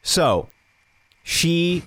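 A man's voice: fairly high pitch, sing-song, drawn-out words, a bit bright, no echo. A man co-hosting a podcast, telling a story in casual chat, swearing freely and acting out the dialogue. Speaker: podcast co-host.

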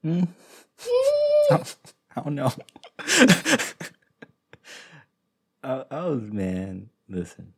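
A man's voice: fairly high pitch, wildly swooping pitch, drawn-out words, pauses often, slightly rough. A man hosting a podcast, telling stories in a casual, rambling way with frequent restarts. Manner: rambling, self-interrupting storyteller with frequent restarts. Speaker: podcast host.

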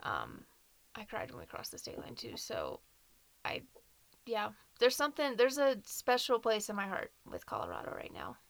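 A woman's voice: mid-range voice, huge pitch swings, normal speed, creaky, dry recording. A woman from Nashville with a Southern accent, co-hosting a podcast in casual, earnest, emotional chat. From Nashville, Tennessee. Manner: earnest, emotional, laughs easily. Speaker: podcast co-host.

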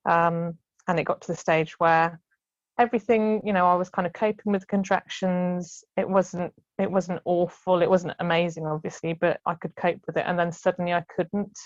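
Woman guest, low-set voice, chatty storyteller with frequent laughs, dry dull sound. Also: flat delivery, moderate pace, dry recording. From United Kingdom. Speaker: guest sharing birth story. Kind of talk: casual storytelling in conversation.

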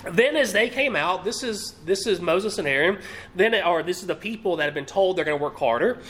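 A man's voice: sits high, fairly quick. A man preaching a sermon, walking through a scripture passage, asking the listeners questions and acting out what the characters say. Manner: animated, rhetorical questions, acts out quotes. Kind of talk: sermon teaching.

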